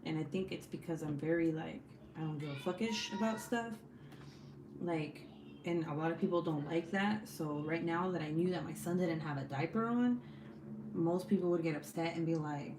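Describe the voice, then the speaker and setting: A woman's voice: low-pitched, moderate pace, noisy background. A young woman hosting a crafting stream at home, chatting bluntly with lots of swearing and laughter. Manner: blunt, profane and laughing often. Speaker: crafting livestream host. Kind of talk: casual chat while crafting. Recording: echoey room.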